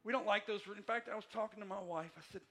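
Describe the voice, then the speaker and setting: Male pastor, high bright voice, emphatic repetitive sermon delivery. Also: rapid-fire, soft background music. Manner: repetitive, emphatic preaching with swings between soft and loud passages. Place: church sanctuary.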